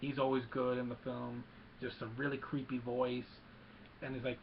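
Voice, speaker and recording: A man giving an excited, rambling casual recap of a movie, with many fillers. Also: mid-range voice, normal speed, gravelly, lo-fi sound, slight background noise. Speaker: movie reviewer.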